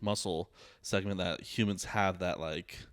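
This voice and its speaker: A man's voice: low-pitched, fairly even intonation, measured pace, no room sound. Joking, rambling man hosting a podcast. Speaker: podcast host. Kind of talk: casual chat.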